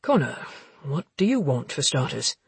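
A woman reading aloud, voicing an easygoing male friend who smooths things over with a low drawl. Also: very animated, normal speed, no room sound, heavily acted. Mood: placating.

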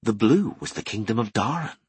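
A man narrating a fantasy audiobook with expressive storytelling. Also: on the low side, brisk, breathy edge, dry recording.

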